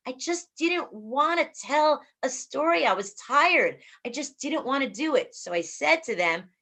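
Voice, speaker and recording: A woman's voice: high voice, lively intonation, a little slow, sharp tone. A woman in her forties hosting an online group workshop over a video call, upbeat, playful and encouraging.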